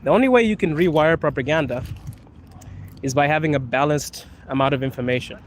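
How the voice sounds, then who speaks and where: A man casually chatting on a live stream, answering viewer questions, laughing often and calling viewers bro. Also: on the high side. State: coughing from allergies. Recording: faint street and traffic noise.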